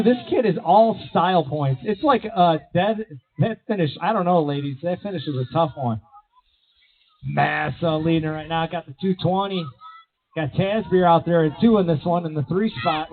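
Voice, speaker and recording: Man announcing races over a PA, high voice, energetic rapid play-by-play, tinny phone-like sound. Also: a little hiss or hum. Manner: energetic, rapid calls full of rider nicknames. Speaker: race announcer. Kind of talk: live play-by-play commentary. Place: outdoor BMX track.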